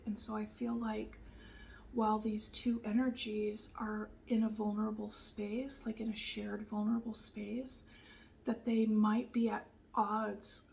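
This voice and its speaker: A woman giving a soft-spoken tarot reading, gentle and reassuring, often sliding into a whisper and pausing with fillers. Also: fairly high pitch, gravelly, slight background noise, low-quality recording. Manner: hesitant, many fillers and restarts. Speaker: tarot reader.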